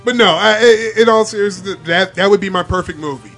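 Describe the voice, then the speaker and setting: A high-pitched man talks through a joke pitch in a casual comedy chat. He delivers it playfully, in a mock-serious tone. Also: brisk, a bit bright, faint music behind.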